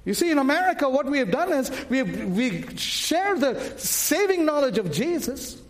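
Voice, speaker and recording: A man's voice: very high voice, sing-song, normal speed. A man preaching a sermon with fervor, calling out questions and waiting for the congregation to answer. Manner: impassioned, calls out to the congregation.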